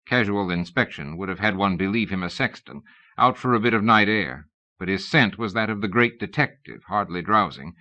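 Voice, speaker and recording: A man reading an audiobook, narrating in a measured, wry storytelling manner. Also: fairly low pitch, bright, forceful tone. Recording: dull lo-fi cassette recording.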